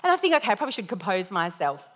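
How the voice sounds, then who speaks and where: As part of a sermon, a young woman gives a lively personal testimony full of self-deprecating humor. Her voice is medium in pitch and she speaks very fast.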